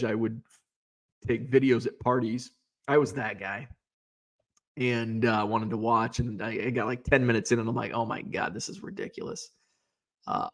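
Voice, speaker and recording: A man with a mid-range voice hosts a casual live stream about sports cards, chatting loosely and responding to viewer comments with plenty of fillers and restarts.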